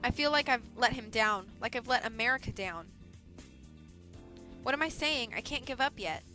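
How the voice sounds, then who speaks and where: Bright-voiced woman streamer reading a game. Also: on the high side, moderate pace, faint music behind. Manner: expressive, playful reading. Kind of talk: reading a visual novel aloud.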